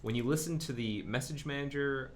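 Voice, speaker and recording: Thinking out loud on his live coding stream, this man talks through his code in a musing, self-narrating way, saying um often. He speaks fairly quickly in a mid-range voice, and there's a little hiss or hum on the recording.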